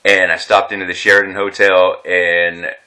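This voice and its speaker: A man's voice: deep voice, level tone, moderate pace, sharp tone. A veteran man telling his own story in an unscripted vlog, rambling and agitated, swearing often and restarting his sentences. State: distressed.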